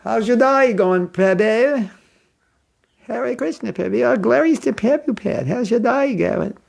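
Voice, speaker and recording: A man's voice: very high voice, a little slow, vocal fry, voice pushed up, full character voice. A man putting on a cheery Australian greeter. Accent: mock Australian.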